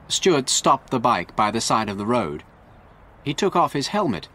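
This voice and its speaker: A man narrating a graded story for English learners in a slow, clear, expressive way. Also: fairly low pitch.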